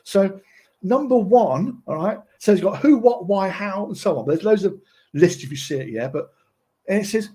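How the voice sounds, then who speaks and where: A man with a husky, somewhat high voice gives a loose, chatty tutorial. He keeps checking in with his listeners as he goes. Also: lively intonation, normal speed, mellow. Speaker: presenter. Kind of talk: casual tutorial talk.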